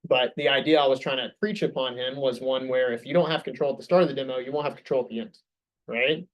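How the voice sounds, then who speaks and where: A man's voice: medium pitch, steady tone, fast, lo-fi sound. A young man leading a sales staff meeting, coaching the group with upbeat questions.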